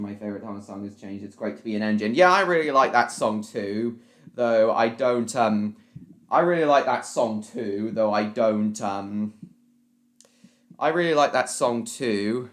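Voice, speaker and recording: A man's voice: on the low side, moderate pace, reverberant. Rambling man chatting on a live stream. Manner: rambling, apologetic, greets and answers chat by name. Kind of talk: casual live stream chat. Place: at home at a laptop. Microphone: laptop mic.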